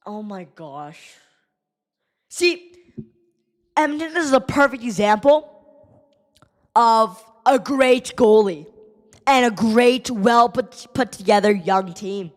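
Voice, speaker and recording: Slow-talking exasperated woman doing hockey commentary. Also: fairly high pitch, animated, in a large hall. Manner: exasperated, ranting at the team. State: losing voice. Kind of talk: live stream play-by-play commentary.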